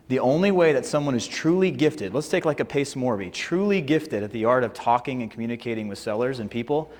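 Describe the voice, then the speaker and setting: A man teaching a negotiation seminar in a casual, joking way, often checking in with "right?". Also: medium pitch. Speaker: sales and negotiation trainer. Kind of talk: live seminar presentation with slides. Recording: long hall reverb.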